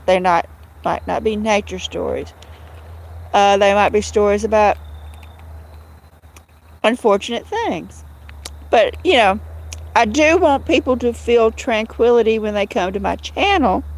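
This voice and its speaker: Lively Southern woman chatting on a livestream. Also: on the high side. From Southern United States. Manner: rambling, greets viewers by name, laughs often. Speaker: livestream host. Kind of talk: casual livestream chat.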